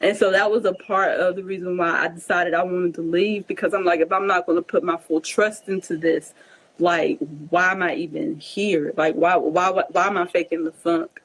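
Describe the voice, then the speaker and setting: Husky-voiced woman telling a story. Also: on the low side, moderate pace, poor audio. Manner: animated, acts out quoted dialogue. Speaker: vlogger answering viewer questions. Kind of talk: casual Q&A storytelling.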